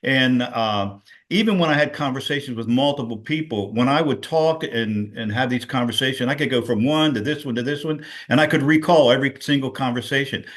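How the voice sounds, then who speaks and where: A man's voice: medium pitch, fairly quick, hardly any pauses, fairly bright tone. Man, middle-aged, video call, rambling storyteller, lots of fillers. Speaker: guest sharing a personal story. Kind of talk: casual testimonial on a video call.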